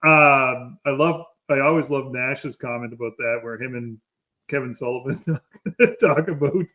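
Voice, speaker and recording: A man's voice: medium pitch, a little slow, bright, forceful tone. Chatty man co-hosting a podcast. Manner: rambling, many fillers, laughs while telling stories. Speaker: podcast co-host. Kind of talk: casual wrestling history chat.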